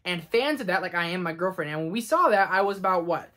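Young male movie vlogger in his twenties, excitable, opinionated, ranting freely, casual delivery. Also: high-pitched, quick pace. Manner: enthusiastic and ranting, slips into quoted voices. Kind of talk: casual movie ranking vlog.

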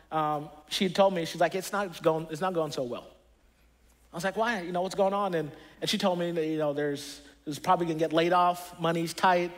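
A pastor preaching a conversational sermon, earnest and personal, often restarting his sentences as he tells stories. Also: sits high.

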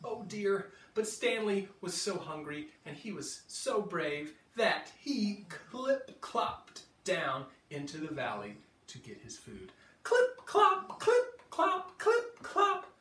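A male children's librarian reading a storybook aloud to kids from home, playful and animated. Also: on the high side, takes it slowly, hardly any pauses, reverberant, distant mic.

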